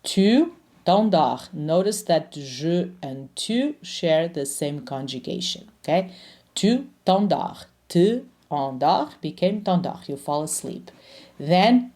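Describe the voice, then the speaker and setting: A woman teaching French grammar in English, explaining patiently and slowing down to pronounce each French example. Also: lowish voice, sing-song, warm tone. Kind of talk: grammar lesson.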